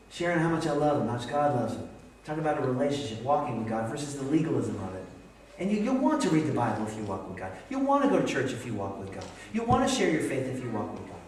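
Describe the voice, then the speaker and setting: A man from Vermont preaching a sermon in a church, telling stories in an animated, self-deprecating way. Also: a little high, slight background noise. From Vermont, USA. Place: church sanctuary. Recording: echoey church hall, distant mic.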